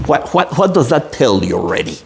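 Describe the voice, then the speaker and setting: Gravelly guy teaching lit, reads aloud big and dramatic, pitch all over the place. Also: very animated, a little fast. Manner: theatrical, emphatic reading with wide swings. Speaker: literature teacher. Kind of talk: literature lesson with dramatic reading.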